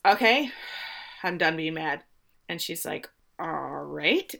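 Bright-voiced woman recapping a show. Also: mid-range voice. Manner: animated retelling, quoting characters. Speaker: podcast co-host. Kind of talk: casual recap chat.

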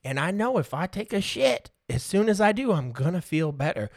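A man's voice: fairly high pitch, animated, moderate pace, no echo, studio quality. A man in his thirties hosting a podcast, telling casual stories, swearing freely and laughing through them. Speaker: podcast host. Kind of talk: casual storytelling.

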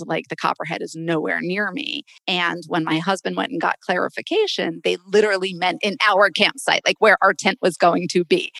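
A middle-aged woman co-hosting a podcast, telling animated stories in casual chat. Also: fairly low pitch, gravelly, no echo. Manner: animated storytelling, fearful of wildlife. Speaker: podcast co-host.

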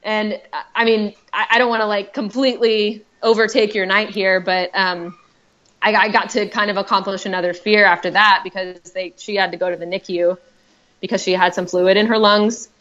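A woman's voice: mid-range voice, little pitch movement, moderate pace, fairly bright tone, muffled recording. A woman telling her own story as a podcast guest, chatty and heartfelt, with many fillers and restarts. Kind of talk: personal storytelling.

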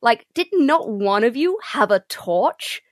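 A woman's voice: on the high side, expressive, slow pace, dry recording, clean studio sound. A woman voicing a sassy, blunt female robot companion who scolds her teammates with "like" fillers. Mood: exasperated. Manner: exasperated, scolding, valley-girl fillers.

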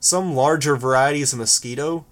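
Guy narrating a novel, even steady reading. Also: mid-range voice, normal speed. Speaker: audiobook narrator. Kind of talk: first-person novel reading.

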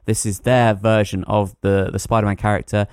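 A man co-hosting a film podcast, explaining new releases in a relaxed, rambling way with filler words. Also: fairly low pitch, normal speed, clean tone, dry recording, studio quality. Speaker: podcast co-host, film reviewer. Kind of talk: casual chat.

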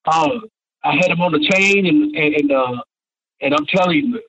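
A man's voice: on the high side, lively intonation, moderate pace, gravelly, a bit bright. A man in his sixties, a retired pro wrestler, telling rambling stories in an interview. He often repeats "and stuff like that.". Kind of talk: anecdotal storytelling. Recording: dull lo-fi radio sound.

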